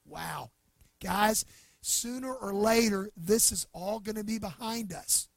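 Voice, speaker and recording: A man pastor preaching a sermon with emphasis, swinging between loud bursts and hushed, slow lines. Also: high voice, vocal fry, no room sound.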